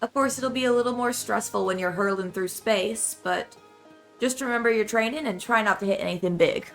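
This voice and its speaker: A woman voicing a brisk alien flight instructor with a put-on Southern accent, reading game dialogue in a matter-of-fact, bossy way. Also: fairly high pitch, soft background music, voice pushed up, lightly acted. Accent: put-on American Southern.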